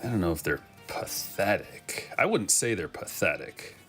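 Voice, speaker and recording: Low-voiced man chatting through a card break. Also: very animated, moderate pace, a bit bright, faint music behind. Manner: chatty, joking asides while opening packs. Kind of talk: casual live-stream commentary.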